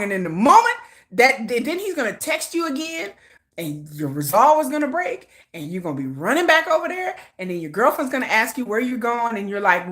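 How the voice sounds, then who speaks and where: A woman hosting a casual livestream, chatting in a playful, gossipy way. Her high voice swings all over the place, and she breaks into laughter often. The tone is bright and sharp. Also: very animated, a little fast. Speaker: livestream host. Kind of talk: casual storytelling chat.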